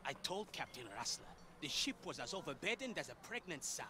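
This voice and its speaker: An actor with an African accent playing a stern, scornful pirate quartermaster in a video game, speaking in theatrical, formal old-fashioned lines. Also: male voice, on the high side, very animated, brisk, background noise.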